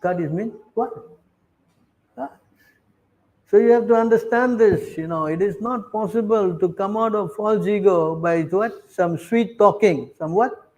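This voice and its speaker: A man's voice: high voice, a little slow, a little mellow, low-quality recording. A man reading scripture verses and then explaining them bluntly, checking in with his listeners with "huh?" and "you understand?". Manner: peppers talk with rhetorical questions like "huh?". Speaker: scripture class teacher.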